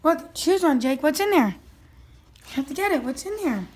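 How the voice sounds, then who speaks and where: A woman's voice: sits high, animated, normal speed, a little mellow. A woman filming her dog at home, narrating casually and coaxing him with eager, encouraging talk. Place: at home, indoors.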